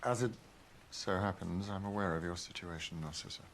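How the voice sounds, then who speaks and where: A cold, menacing male dark wizard speaks in a very deep, gravelly drawl, as a man acts him out. His delivery is slow and measured. There is faint background noise. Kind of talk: fan-made parody skit.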